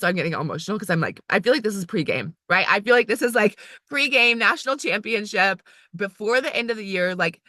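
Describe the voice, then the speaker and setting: A woman who is an area manager, giving a chatty, emphatic motivational talk to her team, full of "like", and acting out inner voices in a higher pitch. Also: pushed and bright, no room sound, clean studio sound.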